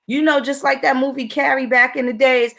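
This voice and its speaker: A woman's voice: high-pitched, steady tone, brisk, vocal fry, a bit bright. A woman giving a profane, repetitive livestream commentary, speaking in a confrontational way.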